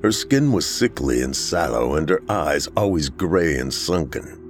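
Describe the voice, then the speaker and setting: A man with a very low voice reads a first-person horror tale in a somber, measured way. His pitch swings widely as he tells it. Soft music plays faintly underneath. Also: very animated. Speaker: horror story narrator. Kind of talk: scripted horror narration.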